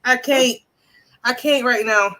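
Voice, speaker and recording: A woman's voice: on the high side, takes it slowly, a crowd in the background. A woman in a casual live-stream chat, laughing hard and exclaiming as she talks. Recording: camera switched off, voice only.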